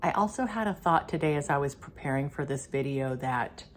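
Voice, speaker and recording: Low-voiced chatty woman vlogger. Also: animated, brisk, a little hiss or hum. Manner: chatty, filler-heavy, laughs often. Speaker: spiritual channeler and vlog host. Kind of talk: casual spiritual vlog.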